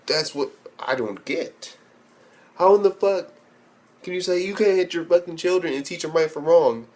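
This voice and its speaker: This young man's voice is a little high and darkish in tone, moving at a moderate pace. He rants about an anime bluntly, swearing heavily and restarting as he rambles.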